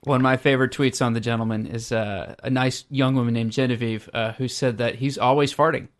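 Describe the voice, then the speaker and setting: A man's voice: mid-range voice, fairly even intonation, brisk. A man in a casual comedic podcast chat, making wry, jokey asides.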